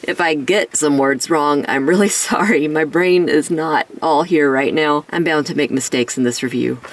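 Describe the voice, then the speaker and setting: A toy reviewer chatting through a casual action figure review while sick, with a rough voice and self-deprecating jokes. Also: mid-range voice, moderate pace, no room sound, distant mic, poor audio.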